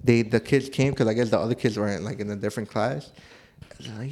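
A young man co-hosting a casual podcast chat, telling animated stories, swearing often and laughing through the punchlines. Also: lowish voice, fast talker. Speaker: podcast co-host.

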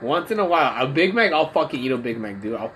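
A man's voice: medium pitch, sing-song, fast. A man who is tipsy, a comedian and podcast host chatting loosely on a phone livestream, rambling and swearing. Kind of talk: casual chat on a drunk livestream. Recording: phone livestream audio, faint background noise.

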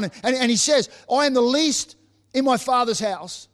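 A man with a high voice preaching a sermon to his congregation. He stumbles and repeats words as he restarts his sentences. Now and then he acts out what the Bible figures say. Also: fairly quick, a bit bright. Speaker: pastor.

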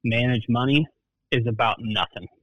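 A man who is a market analyst guest, speaking in a plainspoken, measured way with folksy turns of phrase. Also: medium pitch, a bit bright, no room sound, rough recording. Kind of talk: casual market talk.

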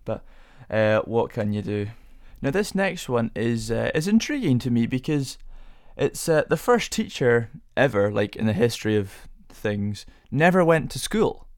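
A man's voice: medium pitch, big pitch swings, measured pace, few pauses, dry recording, studio quality. A young man hosting a casual solo podcast, rambling through rhetorical questions with self-amused musing. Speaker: podcast host.

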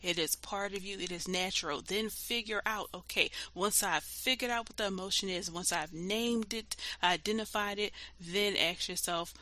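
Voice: medium pitch, moderate pace, hardly any pauses, pushed and bright. A podcast host talking alone in a loose, conversational way, blunt and full of swearing, and emphatic and heated when making a point. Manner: loose conversational filler talk. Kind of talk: solo podcast monologue.

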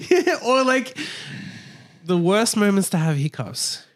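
A man's voice: high-pitched, big pitch swings, unhurried. A man co-hosting a podcast in casual chat, laughing often, teasing and crude. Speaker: podcast co-host.

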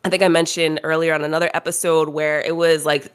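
A woman's voice: fast talker, clear, resonant tone. A young woman casually telling a story on a podcast, acting out other people's voices. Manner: animated, acts out voices of others in high pitch. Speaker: podcast co-host.

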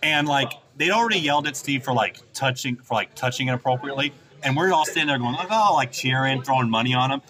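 A man's voice: mid-range voice, quick pace, hardly any pauses. A man in his thirties, a podcast host telling a long story in casual chat, rambling and profane with lots of fillers. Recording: crowd chatter behind.

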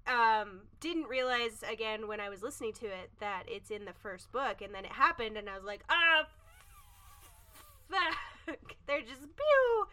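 A woman's voice: medium pitch, fairly quick, hardly any pauses, sharp tone. A woman co-hosting a podcast, chatting casually and reacting expressively. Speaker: podcast co-host. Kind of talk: casual chat.

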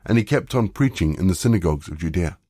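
A man reading scripture aloud in a calm, measured way as he leads a daily devotion. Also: deep voice, slightly rough, dry recording, studio quality.

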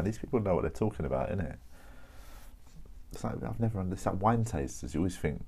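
A man's voice: sits low, animated, fast, vocal fry, mellow, breathy edge. A man hosting a podcast, chatting casually and rambling at his desk, often correcting himself. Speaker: podcast host. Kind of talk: casual solo chat.

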